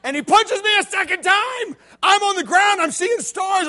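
A man's voice: very high voice, lively intonation, normal speed, few pauses, sharp tone. A man preaching a playful youth sermon, joking with the crowd and acting out stories in different voices. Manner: playful, jokey storytelling with acted-out voices. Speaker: youth pastor.

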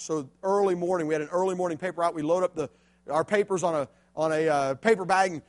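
A middle-aged man from Illinois giving a sermon testimony, dropping to a hush and then rising to a shout. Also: on the high side. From Illinois, USA. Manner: swings from hushed to shouting. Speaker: preacher.

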